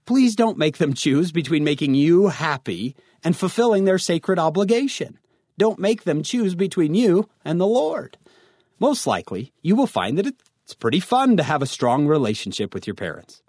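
Animated male youth speaker. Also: a little high, normal speed, dry recording, clean studio sound. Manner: storytelling, addresses listeners directly. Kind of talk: devotional talk to teens.

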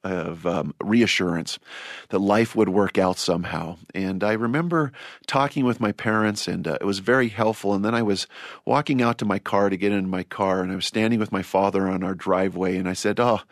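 A man's voice: low voice, brisk, no room sound, clean studio sound. A man hosting a church-themed panel discussion, telling stories in a reflective way and often restarting his words. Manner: storytelling, reflective, repeats words when starting. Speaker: host.

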